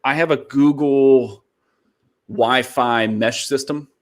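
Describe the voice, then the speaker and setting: A man hosting a casual online talk show, telling stories in a lively, animated way. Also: medium pitch, slow. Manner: animated storyteller, voice jumps up when excited. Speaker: podcast host. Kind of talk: casual chat.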